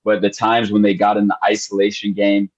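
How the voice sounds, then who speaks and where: A man co-hosting a sports podcast, emotional and excited, repeating himself and calling people bro and man. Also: fairly low pitch, a little fast, dull audio. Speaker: podcast co-host. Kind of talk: excited casual sports chat.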